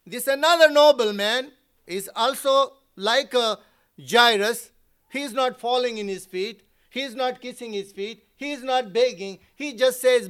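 Male preacher, very high voice, animated and emphatic sermon delivery. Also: normal speed, clear, resonant tone. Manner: animated, acts out quotes, emphatic.

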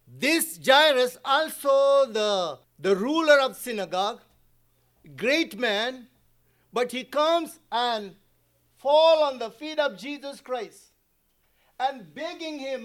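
Male preacher, very high voice, animated and emphatic sermon delivery. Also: takes it slowly. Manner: animated, acts out quotes, emphatic.

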